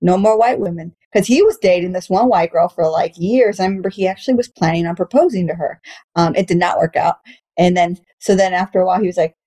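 A woman's voice: fairly low pitch, fast talker, mellow. Candid, swearing woman comedian chatting. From Texas. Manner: candid, swears often, laughs through her stories. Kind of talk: casual podcast chat, storytelling.

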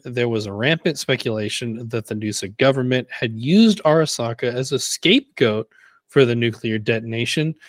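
A man co-hosts a casual podcast, reading from prepared notes at a steady, even pace and joining in brief banter. His voice sits in a middle range. The recording is dry and close. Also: medium pitch, no echo. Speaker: podcast co-host.

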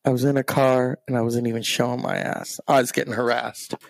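A man's voice: mid-range voice, little pitch movement, a little fast, vocal fry, no echo. A man hosting a show, ranting in a crude, rambling, self-mocking comic way. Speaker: show host. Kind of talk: comedic rant.

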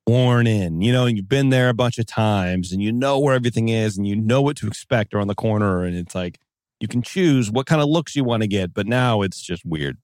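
A man co-hosting a casual podcast chat, talking in an animated, joking way and trailing off into asides. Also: lowish voice, fairly quick, dry recording, clean studio sound. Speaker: podcast co-host.

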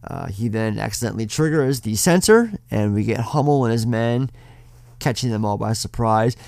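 A man's voice: on the low side, expressive, normal speed, gravelly, a little mellow, dry recording, clean studio sound. A man co-hosting a podcast, casually retelling a film scene by scene with plenty of swearing. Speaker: podcast co-host. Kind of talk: casual film-review chat.

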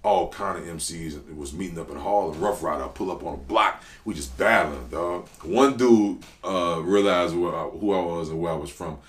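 Very deep-voiced New man, roomy. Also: moderate pace, hardly any pauses. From New Orleans. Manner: animated, slangy, loud bursts when telling stories. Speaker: podcast guest, rapper. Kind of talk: casual storytelling interview. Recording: roomy echo.

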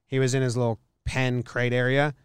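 A man talks into a close studio mic on his podcast, rambling and relaxed and laughing often. His voice is smooth and clear, and the sound is dry with no room around it. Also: medium pitch, a little fast, no echo. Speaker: podcast host. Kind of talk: casual chat.

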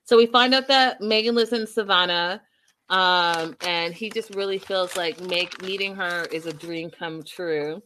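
A woman's voice: fairly low pitch, steady tone, a little slow, sharp tone, slight background noise. A woman hosting a live recap chat who talks casually and addresses her viewers directly. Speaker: host.

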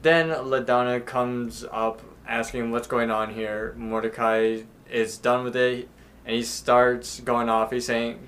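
Young man, steady recap narration. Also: medium pitch, slow pace. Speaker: podcast co-host. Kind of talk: casual chat.

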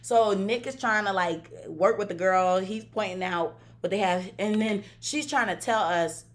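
An American woman co-hosting a podcast, telling a travel story in animated casual chat, laughing often and acting out what people said. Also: mid-range voice, unhurried. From United States. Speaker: podcast co-host.

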